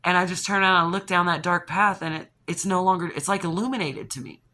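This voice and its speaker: A woman talks straight to the camera and spins a personal story in a loose, rambling way. Her voice is bright and sharp, and it stays lively as she restarts sentences and catches her breath between thoughts. It sounds like a casual video diary. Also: lowish voice, quick pace. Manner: animated and rambling, with restarts, gasps and laughs. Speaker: channel host.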